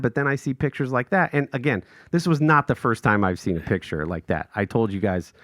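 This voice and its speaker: A man on a podcast, telling a casual story in a bouncy, expressive voice that leaps up when he acts out other people. He laughs often as he talks. The sound is close and dry, with no room echo. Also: on the low side, a little fast, few pauses. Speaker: podcast co-host.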